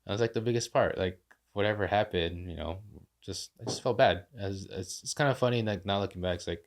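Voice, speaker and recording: A young man as a podcast guest, telling his story in a casual, animated way and acting out quoted voices. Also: on the low side, a little fast. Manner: animated, acts out quoted voices, many fillers like "like".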